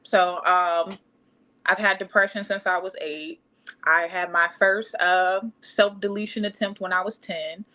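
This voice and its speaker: A woman in her thirties, a podcast guest telling her life story casually and acting out the voices of the people in it. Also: medium pitch. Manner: animated, acts out quoted voices.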